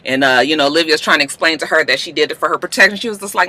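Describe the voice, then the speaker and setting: A woman's voice: deep voice, racing, few pauses, pushed and bright. A woman recapping a TV episode in a casual, chatty, slangy way, laughing often.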